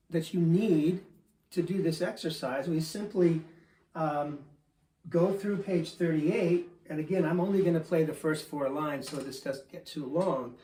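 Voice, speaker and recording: A man in his fifties, a drum teacher explaining and counting off exercises step by step in a relaxed way in his studio. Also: fairly high pitch. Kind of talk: instructional demonstration. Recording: echoey room.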